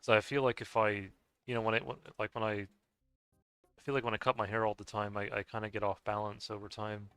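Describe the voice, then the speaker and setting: A man from the United States, a gaming streamer, chatting casually while he plays, rambling and halting with many restarts and soft chuckles. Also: lowish voice, level tone, clear, resonant tone, no echo. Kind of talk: casual chat while playing a game.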